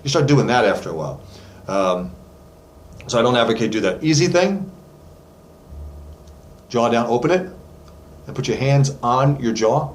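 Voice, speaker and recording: A man of medium pitch and lively intonation talks at a moderate pace, leaving long pauses. He's a vocal coach giving a casual, chatty lesson to camera in his voice studio, filler-heavy and punctuated by sung notes. Faint background noise fills an echoey room.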